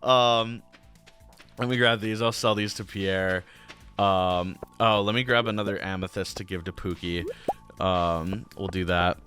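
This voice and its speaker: With faint music in the background, a young man gives casual let's play commentary for his gaming channel in a low, steady, sharp-toned voice at a measured pace. He rambles, says "um" a lot, and leans on jokey slang.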